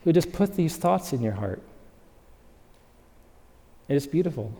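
Animated male preacher in a reverberant hall. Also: fairly high pitch, measured pace. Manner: animated, swings from loud emphasis to hushed softness. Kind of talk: sermon. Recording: long reverb of a large hall.

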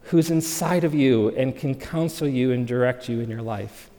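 A man preaching a sermon, animated, moving between loud emphasis and hushed, soft delivery. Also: mid-range voice, moderate pace. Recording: long reverb of a large hall.

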